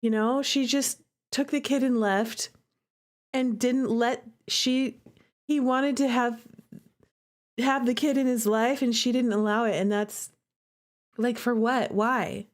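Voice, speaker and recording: A woman streamer with a fairly high, steady voice reads a visual novel aloud slowly, reacting in a chatty, emotional way. She gets indignant on a character's behalf, with faint guitar music playing behind her.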